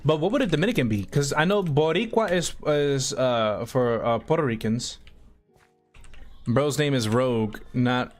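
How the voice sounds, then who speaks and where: Live-streaming a game, a male gamer chats with viewers in a loose, rambling way full of slang. His mid-range voice moves at normal speed, with soft music in the background.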